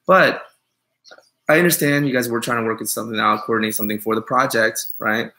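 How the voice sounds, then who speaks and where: Gravelly, bright-voiced joking man streaming. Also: medium pitch, normal speed, long pauses, low-quality recording. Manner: joking, sarcastic, rambling, with mock-offended asides. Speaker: groomer hosting a live stream. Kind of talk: casual live-stream chat reading comments.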